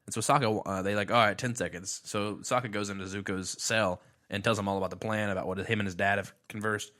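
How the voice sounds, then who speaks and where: A man talks at a quick clip in a lowish voice, co-hosting a relaxed podcast. He jokes around and acts out snippets of scenes as he retells them. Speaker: podcast co-host. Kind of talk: casual chat recapping a cartoon episode.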